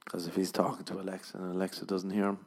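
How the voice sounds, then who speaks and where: A man talks through a comic podcast monologue in a low, husky voice. He rambles in a deadpan way, then jumps into loud mock voices. His gravelly texture runs through every line. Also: quick pace. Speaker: podcast host.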